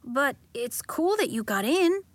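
A woman's voice: high voice, big pitch swings, unhurried, no room sound, voice pushed up. A woman voicing an earnest young schoolboy in a storybook reading.

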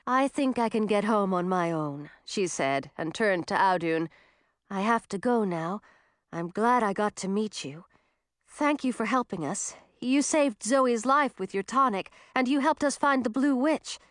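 A woman's voice: medium pitch, expressive, a little slow, no room sound, studio quality, natural voice. A woman reading as a kind and brave young girl dragon, speaking in an earnest, friendly way.

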